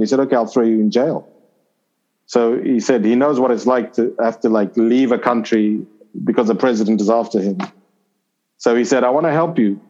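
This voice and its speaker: A man's voice: mid-range voice, mellow. Man telling a rambling personal story. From Zimbabwe. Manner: rambling anecdotal, with fillers and restarts. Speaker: interview guest, former cricketer. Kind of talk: conversational storytelling. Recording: slightly dull lo-fi audio.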